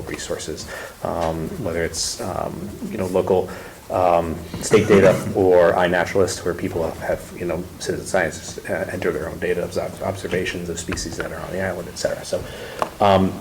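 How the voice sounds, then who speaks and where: Low-voiced man presenting, full of ums. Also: darkish tone, a little hiss or hum, poor audio. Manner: halting, many ums and restarts. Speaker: ecological consultant presenting. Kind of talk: public meeting presentation.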